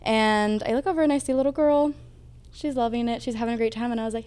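Young woman, theme park custodian, smooth clear voice, upbeat anecdotes. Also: a little high, fairly even intonation, fast talker, darkish tone. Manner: upbeat storytelling. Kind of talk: casual interview chat.

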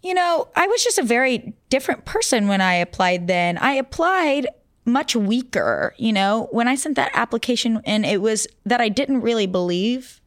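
A young adult woman, a guest in a casual interview, telling stories in an animated way and laughing often. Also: on the high side, moderate pace, no echo, clean studio sound.

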